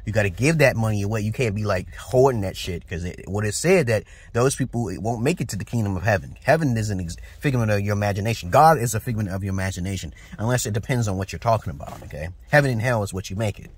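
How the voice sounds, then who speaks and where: A man's voice: fairly low pitch, lively intonation, fast talker, hardly any pauses, husky, no echo. A man in his forties from Brooklyn with a New York accent, ranting bluntly and profanely in a casual, preachy vlog to his viewers. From Brooklyn, New York, USA. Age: 40s. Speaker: vlogger. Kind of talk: casual rant to camera.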